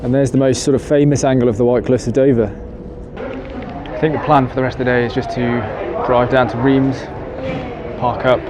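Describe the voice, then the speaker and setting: A man's voice: mid-range voice, muffled recording. Chatty man vlogging from his car. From England. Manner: chatty, self-deprecating, laughs at himself. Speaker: travel vlogger. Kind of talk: casual travel vlog. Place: in a car and outdoors on a ferry. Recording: noisy car and outdoor background. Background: car and traffic noise.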